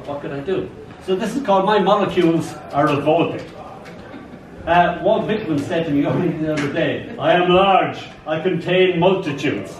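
An older man, a poet, giving a live poetry reading with an expressive storytelling delivery and chatty asides to the audience. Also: a little high. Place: live reading event in a large space. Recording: roomy, distant live recording with ambient noise.

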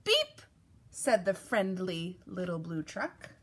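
A woman reading a children's picture book aloud, in an expressive, animated way. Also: medium pitch, takes it slowly, slightly rough. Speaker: storyteller.

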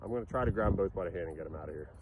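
At an outdoor playground, a father films a vlog on a handheld phone, sternly scolding his kids and muttering exasperated asides to the camera. His deep voice is rapid-fire, and the audio is narrow and tinny with a noisy background.

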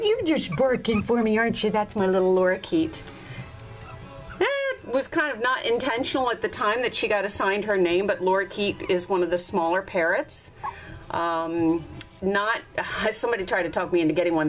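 A woman breeder talking casually while filming her puppies one-handed indoors, now and then cooing at them in a high baby-talk voice. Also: low-quality recording. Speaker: dog breeder. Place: indoors at a puppy litter area. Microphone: handheld camera, filming one-handed.

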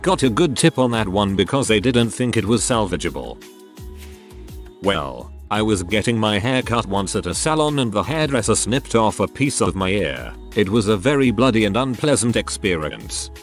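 A man's voice: lowish voice, big pitch swings, normal speed, soft background music. A man narrating a string of internet stories, reading them aloud with wry asides between them.

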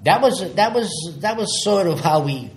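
An older man from Somerville, spinning neighborhood stories in a rambling, repetitive way. His voice sits a bit high for a man and rings in an echoey room. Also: expressive, moderate pace, slight background noise. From Somerville, Massachusetts. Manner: rambling, repeats words, acts out quotes. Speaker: guest. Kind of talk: casual storytelling interview.

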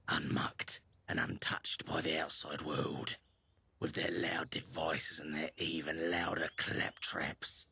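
An actor playing a serene, peace-loving male villager in a game, speaking in a hushed half-whisper. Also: rumbling low, gravelly, breathy edge, no echo, full character voice. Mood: grumbling. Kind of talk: video game voice acting.

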